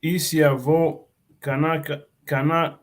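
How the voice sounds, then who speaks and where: A man in a language class, slowly and carefully repeating practice sentences. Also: a little high, little pitch movement. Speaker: student.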